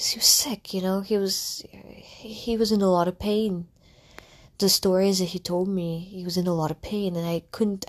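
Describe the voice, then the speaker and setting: A young woman, a content creator, telling a candid personal story in a casual, rambling way, full of fillers and restarts. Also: on the low side. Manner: candid and reflective.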